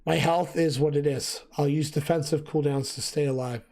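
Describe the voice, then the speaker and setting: A man's voice: a little high, normal speed. Man losing his voice explaining gear. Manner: relaxed, thinking aloud with fillers. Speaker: gaming video host. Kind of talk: casual gameplay gear explanation.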